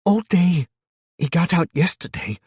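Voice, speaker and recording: A shy little girl of about ten with a small, tearful voice that rises high and bright above the storyteller's usual tone, as a man puts her on. She can turn stubborn when she is talked down to. The recording is dry and close. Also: a little slow, husky, no room sound, heavily acted.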